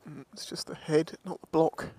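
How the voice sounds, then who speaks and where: A man's voice: a little high, level tone, moderate pace, slightly rough, dry recording. A man vlogging a motorbike ride, chatting and joking to himself and his viewers through a helmet mic. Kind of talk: casual running commentary. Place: riding a motorbike on the road, later walking a scrap yard. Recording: loud wind and road noise.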